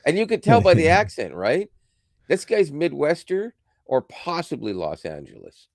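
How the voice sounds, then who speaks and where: A man's voice: a little high, wildly swooping pitch, normal speed, darkish tone, dry recording, studio quality. A man co-hosting a podcast, chatting casually about tech, rambling and correcting himself as he goes and laughing often. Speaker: podcast co-host.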